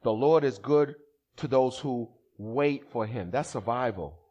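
A male pastor preaching a sermon during a church service, animated and humorous, bantering with the congregation and shouting for emphasis. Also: mid-range voice, measured pace, breathy edge.

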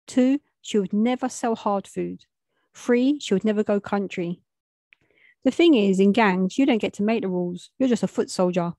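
A woman's voice: medium pitch, moderate pace, mellow, no room sound. A young adult woman, telling a street story in a plain, matter-of-fact way with street slang.

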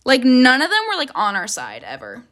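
A woman's voice: high voice, wildly swooping pitch, a little fast, a bit bright. A young woman telling a storytime rant in a casual, dramatic way, full of "like" and swearing. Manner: heavy filler "like", swearing, dramatic retelling. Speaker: vlogger.

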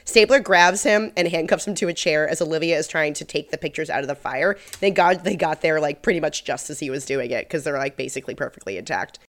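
A woman's voice: deep voice, quick pace, few pauses, a bit bright. A woman co-hosting a podcast, chattily walking through a TV episode's plot with amused asides. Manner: chatty, frequent "like" fillers, amused. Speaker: podcast co-host. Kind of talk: casual episode recap chat.

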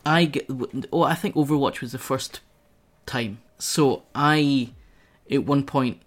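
A young man from Scotland, a streamer guest on a casual podcast, bantering in a quick, self-mocking way. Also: medium pitch.

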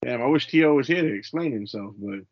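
Relaxed, teasing male podcast co-host; dull, dry lo-fi recording. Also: medium pitch, no room sound. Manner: laid-back, teasing, halting with fillers. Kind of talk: casual podcast chat.

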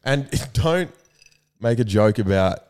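A young man, chatting as a podcast co-host. His voice sits on the low side, and he teases and laughs his way through loose, sweary banter. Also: expressive, slow, a little mellow, smooth. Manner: teasing, laughs often, swears casually. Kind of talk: casual banter.

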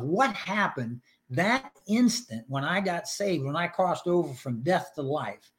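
A man's voice: fairly high pitch, lively intonation, measured pace, hardly any pauses. An older man sharing his personal faith story in a podcast interview, earnest and emotional, acting out his prayers.

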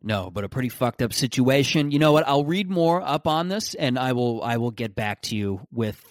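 A man's voice: medium pitch, animated, normal speed, no room sound, studio quality. A young man, hosting a casual solo podcast, rambling with restarts and self-mocking jokes. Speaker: podcast host.

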